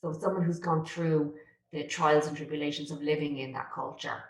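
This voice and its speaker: A woman's voice: low voice, steady tone, moderate pace, echoey room, poor audio. A woman with an Irish accent, chatting casually as a podcast guest, with lots of fillers and easy laughs. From Ireland. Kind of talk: casual conversation.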